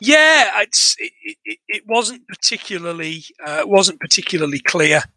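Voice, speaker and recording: A high, very bright English man talks through a movie's plot in casual podcast chat. He is lively and chatty, laughing as he goes, and his voice sits close and dry on the mic. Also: moderate pace, no echo, poor audio. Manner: chatty, animated retelling with laughs and swearing. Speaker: podcast co-host. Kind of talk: casual film recap chat.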